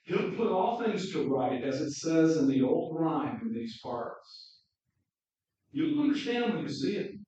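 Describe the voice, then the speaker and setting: This storybook performance has a man playing an excitable talking beaver, male, whose booming, emphatic exclamations come a little slowly. The sound is distant, caught in a dull hall full of echo.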